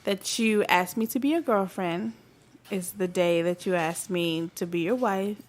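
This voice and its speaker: A woman's voice: fairly low pitch, measured pace. A woman in her thirties co-hosting a podcast with her husband, playful and giggly, rambling a little as she talks. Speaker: podcast co-host. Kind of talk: casual couple chat.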